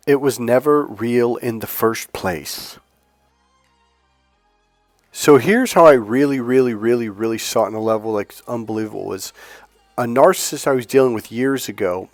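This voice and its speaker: A man who coaches on dating and healing, giving an animated, preachy motivational talk and retelling a story. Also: mid-range voice, a little fast, dry recording. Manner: animated, acts out other people's lines in the story; preachy, emphatic. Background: faint music.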